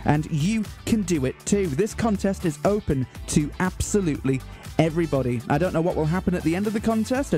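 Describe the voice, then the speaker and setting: A man hosting a community radio show, announcing in a mock-grand, deadpan way. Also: fairly high pitch. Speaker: radio host. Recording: faint music bed behind.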